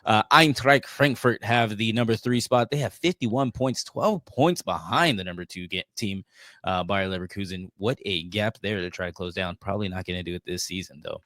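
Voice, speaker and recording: A man's voice: lowish voice, normal speed, fairly bright tone, no room sound, clean studio sound. An American man co-hosting a soccer podcast, jokey and giggly, often tripping over his words. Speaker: podcast co-host. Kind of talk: casual soccer podcast chat.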